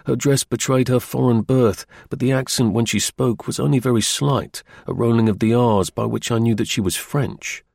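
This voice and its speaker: A man narrating a period novel in a measured, formal storytelling manner. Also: medium pitch, vocal fry, a little mellow, no echo, clean studio sound. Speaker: audiobook narrator.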